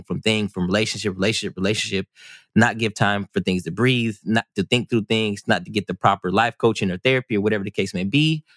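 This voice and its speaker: A man with a slightly low voice talks through a casual podcast conversation. He is animated and rambling, full of restarts and fillers, and his voice sits dry and close to the mic. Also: no room sound. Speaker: podcast co-host.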